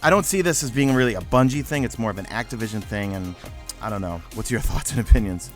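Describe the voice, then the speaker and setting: A man's voice: on the low side, fast, soft background music. A man co-hosting a casual gaming discussion, thinking aloud with lots of fillers and restarts. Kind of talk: casual chat.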